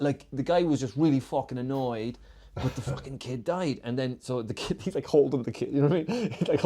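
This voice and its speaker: A man's voice: mid-range voice, brisk, warm tone. Rambling, swearing man telling a story. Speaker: comedian podcast co-host. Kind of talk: casual comedic chat.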